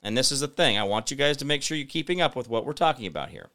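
A man's voice: mid-range voice, lively intonation, racing, bright, forceful tone. A middle-aged American man hosting a solo political commentary show, rambling with sarcastic, mock-innocent asides. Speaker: host.

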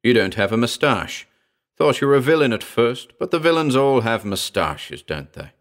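A man voicing a gruff, educated talking male gorilla with a growling, slangy, wisecracking manner in an audiobook. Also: medium pitch, big pitch swings, moderate pace, natural voice. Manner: slangy, laid-back wisecracking. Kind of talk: audiobook character voice.

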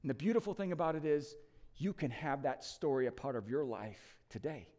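A male lead pastor delivers an Easter sermon in church, his mid-range voice moving briskly. He's emphatic, swinging between loud declarations and hushed appeals.

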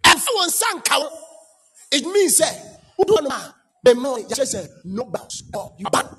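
A pastor preaching a fiery sermon, shouting and chanting repeated declarations. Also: male voice, very high-pitched, very animated, moderate pace. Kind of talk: fiery sermon mixing Twi and English.

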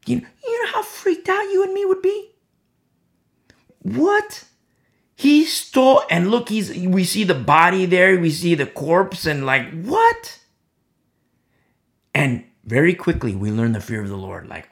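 A man's voice: a little high, bright, forceful tone. A man giving an informal sermon who acts out the voices of imagined onlookers as he tells the story. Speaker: Bible teacher.

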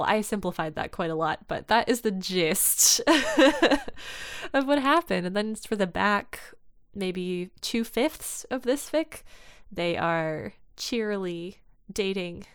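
A woman chatting casually, retelling a story and acting out the characters' lines with lively energy. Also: mid-range voice, slow, clear, resonant tone, no echo, studio quality. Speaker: podcast co-host discussing fan fiction. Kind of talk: casual chat.

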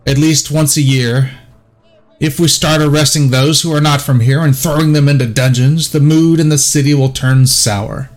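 A man's voice: fairly high pitch, steady tone, normal speed, lightly acted. A man voicing a flustered male chapel master in a tabletop game, speaking in a placating way.

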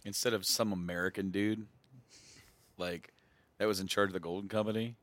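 A man's voice: on the low side, fairly even intonation, brisk, fairly bright tone, no room sound. A man in casual chat, joking and emphatic.

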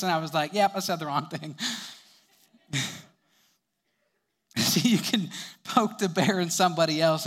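Chuckling young male preacher, slightly high voice. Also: a bit bright. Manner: storytelling, chuckling between sentences. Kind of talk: sermon.

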